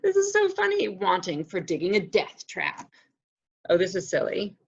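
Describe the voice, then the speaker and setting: A middle-aged woman librarian talks casually through a box of books, friendly and laughing often. Her voice has a gravelly, fried texture. The recording sounds muffled and lo-fi. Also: mid-range voice, huge pitch swings, moderate pace. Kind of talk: casual book unboxing chat.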